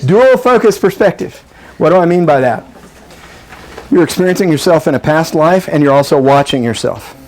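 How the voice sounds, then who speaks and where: A middle-aged man lectures a workshop group in a lively, joking way, slipping into the quoted voices of frightened children and upset spouses. His voice sits a little high for a man. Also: normal speed. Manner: animated, acts out quoted voices, jokey asides. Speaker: breathwork workshop presenter.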